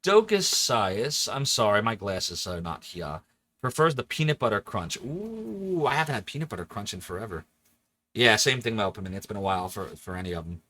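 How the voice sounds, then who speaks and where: A man in his forties from the Philadelphia area streams a game, chatting animatedly, laughing often and jumping between joking voices in casual let's-play talk. His voice is fairly low and a little fast.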